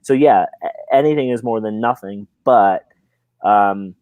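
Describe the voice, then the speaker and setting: A man hosting a casual football podcast, animated, his pitch jumping up when he stresses a point and often repeating words as he thinks. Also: measured pace, no echo, narrow, tinny audio. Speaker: podcast host. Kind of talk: casual chat.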